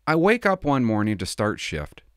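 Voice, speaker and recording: A middle-aged man, a former police officer, telling a story from his work in a casual, animated way. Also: medium pitch, normal speed, no room sound, clean studio sound. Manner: animated, acts out the people he quotes.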